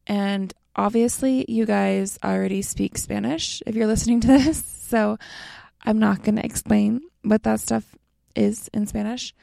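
In a close recording with no room sound, a young woman from North America, an American language teacher, walks "you guys" through a lesson in a slow, easygoing, friendly manner. She has a medium pitch, warm and mellow, with heavy gravelly vocal fry.

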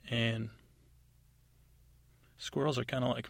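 Male storyteller, rambling and offhand, gravelly tone with a touch of husk, dry close mic, pops into high excited character voices. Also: unhurried, pauses often, dry recording. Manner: rambling, offhand, full of fillers. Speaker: podcast storyteller. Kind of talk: improvised bedtime story narration.

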